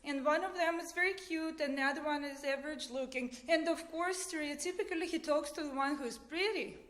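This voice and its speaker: A woman's voice: sits high, brisk, a bit bright. A woman telling wry true stories on a comedy stage and acting out the people in them. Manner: wry, acts out the people in her anecdotes. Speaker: storyteller. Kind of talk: live storytelling on stage.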